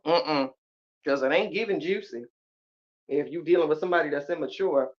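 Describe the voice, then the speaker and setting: Woman podcast host, sassy and chatty, lots of laughter, slightly low voice, muffled lo-fi recording. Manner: sassy, animated, laughs often; drawn-out exclamations and slangy asides. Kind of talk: casual live-stream chat, reacting to viewers.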